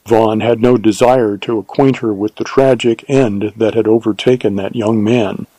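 A man narrating a novel in a measured, even storytelling manner. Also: fairly low pitch, dry recording, poor audio. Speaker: audiobook narrator. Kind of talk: scripted narration of a western novel.

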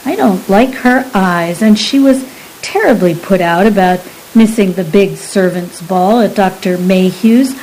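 A woman's voice: mid-range voice, unhurried, a little mellow, a little hiss or hum, close to an everyday voice, poor audio. A woman voicing a prim, fretful upper-class Victorian wife with refined speech. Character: fretful genteel Victorian lady Mary, prim.

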